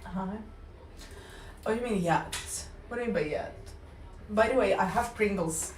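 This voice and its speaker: A woman's voice: mid-range voice, normal speed, a little hiss or hum. A woman with a Russian accent chatting casually on a livestream, teasing and self-mocking, laughing often. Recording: roomy and distant mic.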